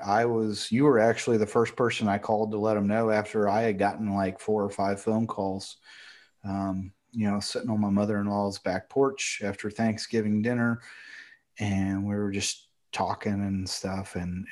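Middle-aged male host, lowish voice, halting, emotional. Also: darkish tone. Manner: halting, emotional, gets choked up. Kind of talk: casual conversation.

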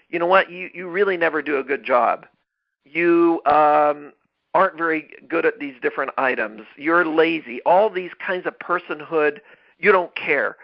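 A man's voice: on the high side, highs cut off. Emphatic man hosting a leadership podcast. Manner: emphatic, repeats phrases, restarts mid-word. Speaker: podcast host. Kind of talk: motivational leadership talk.

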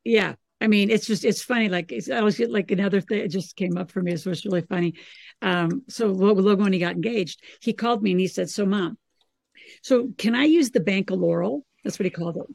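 A middle-aged woman with a gravelly edge to her voice talks in a casual, animated podcast chat. She tells stories with energy and acts out her family's lines. The sound is close and dry, with no room around it. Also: mid-range voice, fast talker, no echo. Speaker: podcast host.

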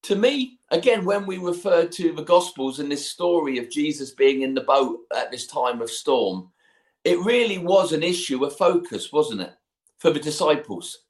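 A male preacher delivers a sermon in an easy, conversational storytelling manner. He slips in personal asides, and his voice sits a little higher than most men's. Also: expressive, normal speed.

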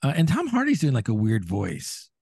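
A man co-hosting a podcast in casual chat, chatty and quick to laugh. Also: creaky, slightly rough, dry recording, studio quality. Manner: chatty, laughs often, animated pitch swings. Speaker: podcast co-host.

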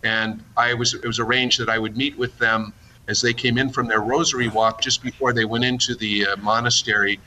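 Middle-aged man, archbishop guest; bright, reflective radio talk with faint background noise. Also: medium pitch, flat delivery, poor audio. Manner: reflective, halting with restarts. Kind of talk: conversational radio interview.

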